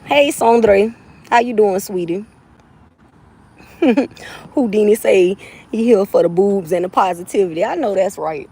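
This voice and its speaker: Here a woman from the Southern US banters with her livestream audience at a moderate pace, her medium-pitched voice dark in tone with a breathy edge. Brash and playful, she laughs frequently and curses freely.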